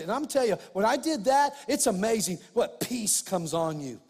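A middle-aged male pastor preaching a sermon, animated, swinging between loud emphasis and quiet asides. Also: high voice, moderate pace, hardly any pauses, breathy edge, big-room sound.

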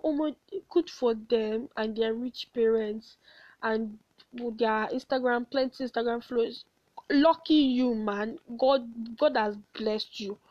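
A woman's voice: on the high side, dry recording. Blunt, rambling young woman. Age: late teens. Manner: rambling, blunt and profane, laughing at herself. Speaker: podcast host. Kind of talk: candid solo podcast monologue. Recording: dull, dry lo-fi home recording.

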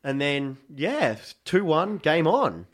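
An Australian man telling a football match story in a casual chat, animated and acting out shouts. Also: a little high, slow pace.

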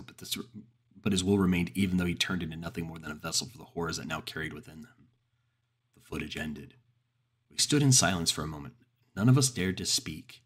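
A man with a very deep voice tells a campfire horror story in the first person. His voice is husky and low, and he keeps a slow, grave pace. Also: fairly bright tone. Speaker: narrator.

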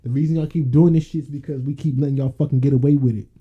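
A man co-hosting a podcast, ranting in an animated, profanity-heavy casual style. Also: mid-range voice, very fast, slightly rough, highs cut off. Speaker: podcast co-host.

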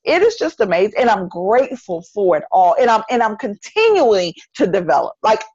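A woman's voice: medium pitch, very animated, fairly quick, darkish tone, slightly rough, no echo, highs cut off. A middle-aged woman with a Southern North Carolina accent, talking earnestly as a podcast guest and repeating phrases for emphasis. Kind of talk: casual interview conversation.

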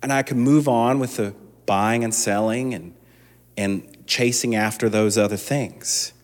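A man's voice: fairly low pitch, a little slow. A man preaching a sermon as a pastor, talking conversationally with frequent restarts and building to impassioned emphasis. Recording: long reverb of a large hall.

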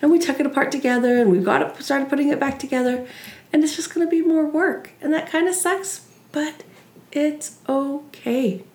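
A woman's voice: high-pitched, brisk, a little mellow. A middle-aged woman life coach giving an earnest, encouraging solo talk and acting out the voices in her head. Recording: echoey room.

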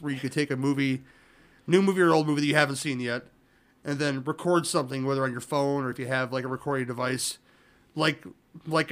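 A man's voice: fairly high pitch, fairly bright tone. A man talking as a guest on a casual podcast, rambling and often restarting his sentences.

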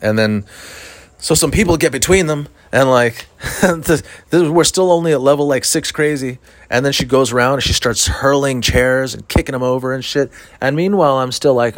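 A man's voice: medium pitch, normal speed, no room sound. A man, a stand-up comedian, telling a story in a rambling, profane, casual way with lots of fillers.

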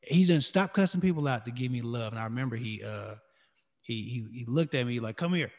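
A man's voice: medium pitch, a little fast, darkish tone, big-room sound. A man telling a personal story in a candid, profane podcast chat. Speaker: podcast co-host.

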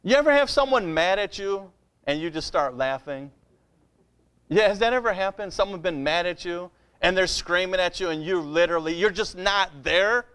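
A pastor preaching a sermon in a conversational style, often asking the congregation "Amen?" and asking for their response. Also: male voice, high voice, lively intonation, normal speed, a bit bright, smooth.

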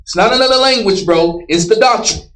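A man leading call-and-response Bible teaching, emphatic and repetitive, often shouting and ordering a reader to read. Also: high voice, a little fast, reverberant, recorded from a distance, low-quality recording. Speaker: street preacher teaching scripture.

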